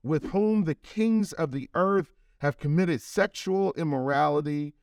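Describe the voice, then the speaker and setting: Male pastor, middle-aged, sermon, fairly high voice, smooth and clear, dry close sound. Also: a little mellow, no echo. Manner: preaching with swelling emphasis and slow, drawn-out calls.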